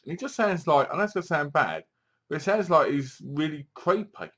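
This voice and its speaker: A man giving a casual, animated movie review, acting out lines from the film as he goes. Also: fairly high pitch, fairly quick.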